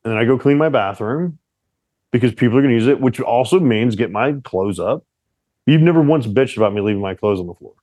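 A young man co-hosting a casual relationship chat with his partner, teasing and animated as he tells stories. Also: mid-range voice, fairly quick, no echo. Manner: playful, teasing, animated storyteller. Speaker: podcast co-host.

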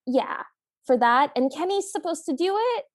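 A woman's voice: high-pitched, lively intonation, normal speed, no echo, clean studio sound. A woman co-hosting a podcast, chatting casually about a movie and adding her own reactions and questions. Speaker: podcast co-host. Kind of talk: casual movie recap chat.

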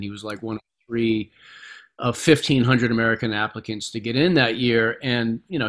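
A man's voice: mid-range voice, fairly bright tone. Reflective middle-aged man telling stories. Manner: reflective storyteller, repeats words as he gathers thoughts. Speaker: guest author. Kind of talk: conversational interview.

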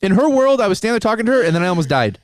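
A man's voice: high-pitched, big pitch swings, very fast, no echo. A man casually telling embarrassing dating stories, laughing often and swearing freely. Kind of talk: casual chat, storytelling.

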